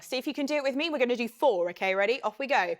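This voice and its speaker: English woman, vocal coach, bright higher voice, cheerful counting, warm-up drills for kids. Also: expressive, racing, very noisy. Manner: encouraging, counting and coaching children. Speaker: singing teacher. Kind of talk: online singing warm-up lesson.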